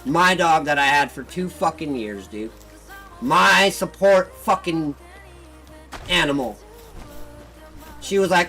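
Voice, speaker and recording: A man hosting a gaming channel, ranting heatedly and with lots of swearing about his personal troubles, flipping between bitter muttering and loud outbursts. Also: on the high side, slow pace, long pauses, rough recording. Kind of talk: venting casual rant. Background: faint background music.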